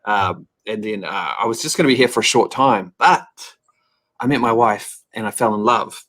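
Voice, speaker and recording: A man's voice: fairly low pitch, normal speed, a bit bright. A man in his thirties with a New Zealand accent, chatting as an upbeat, joking guest on an interview show. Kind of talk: casual interview chat.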